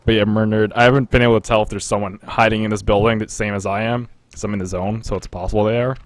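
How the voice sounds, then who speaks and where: Streaming a battle royale game, a young man chats loosely, wandering from topic to topic and often laughing. He talks fast, with a fairly low pitch and level tone, and there's no room sound.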